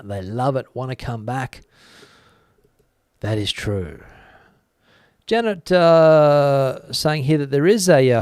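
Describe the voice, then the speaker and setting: A man's voice: medium pitch, a little mellow, no echo. A middle-aged man hosting a casual livestream, reading out viewer comments with many hesitations. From Australia. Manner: hesitant, lots of uh fillers, reads out comments. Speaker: livestream host reading chat. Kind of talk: casual live chat.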